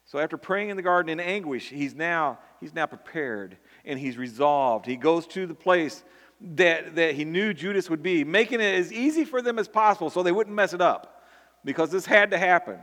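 A man's voice: fairly high pitch, animated, moderate pace, a bit bright. A man preaching a sermon earnestly, often repeating words and building to emphatic peaks. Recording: long hall reverb.

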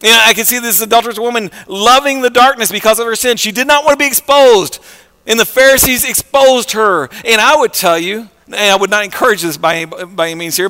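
A male pastor with a high-pitched voice gives a conversational sermon, repeating words and shifting between quiet and loud stretches. The sound carries the echo of a big room.

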